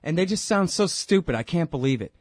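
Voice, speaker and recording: A man's voice: fairly high pitch, animated, brisk, no echo, clean studio sound. A man hosting a talk radio show and interviewing a guest, ranting in a heated, sarcastic way.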